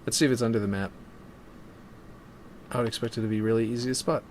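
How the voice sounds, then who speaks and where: A man with a mid-range voice and fairly even intonation speaks quickly while building a map for a game on his stream. His talk is casual, full of thinking aloud and trailing off, with faint background noise.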